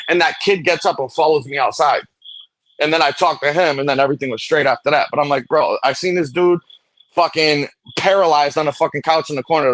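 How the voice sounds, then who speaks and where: A man, telling a profane story fast in casual late-night chat and acting out the people in it. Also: a little high, a bit bright, no echo. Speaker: host.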